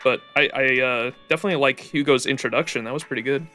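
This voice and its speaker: Give me a young male streamer with a bright voice, chatting casually and swearing. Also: medium pitch, fast, soft background music. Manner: casual, rambling, swears often, lots of "like". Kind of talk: live game commentary.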